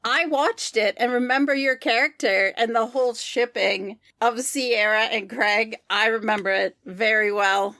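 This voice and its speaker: Bright, fairly high-voiced woman podcast co-host, an eager fan chatting. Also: measured pace, hardly any pauses. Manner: enthusiastic fan. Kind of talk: casual chat.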